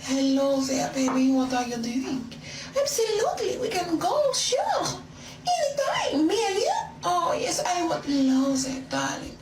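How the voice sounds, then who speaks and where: A woman voicing her own made-up French-accented seductress persona, sweet and sing-song. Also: expressive. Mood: sweetly seductive. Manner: sweet, drawn-out endearments, high and sing-song. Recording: roomy, distant, noisy phone audio.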